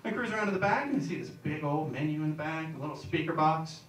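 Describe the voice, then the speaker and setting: A man's voice: fairly high pitch, fast talker, fairly bright tone. A young man doing a stand-up routine, telling stories in a rambling, self-mocking way, in an echoey room with a distant mic and background noise. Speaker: stand-up comedian.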